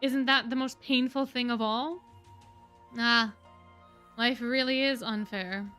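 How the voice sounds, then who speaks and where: A woman's voice: on the high side, fairly even intonation, slow, sharp tone, clear, resonant tone, soft background music. A woman reading a brooding, defeated young lion beastman prince in a weary inner monologue from a novel. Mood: bitter, brooding.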